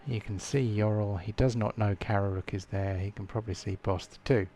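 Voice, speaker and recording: A man running a tabletop game as game master, thinking aloud with frequent fillers and halting restarts. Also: lowish voice, fairly even intonation, dark tone, a little hiss or hum.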